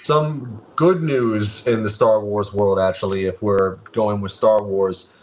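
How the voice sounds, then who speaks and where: Lower-voiced man sharing news calmly. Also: slow, a little hiss or hum. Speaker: podcast co-host. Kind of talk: casual chat.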